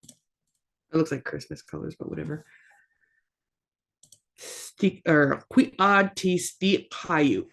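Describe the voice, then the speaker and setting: Super slow teacher going over words twice each, mid pitch, clears throat a lot, jokes around a bit. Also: a bit bright. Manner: repeats each phrase slowly, clears throat often; casual, self-deprecating asides. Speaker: language teacher. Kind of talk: slow pronunciation drill with repetition.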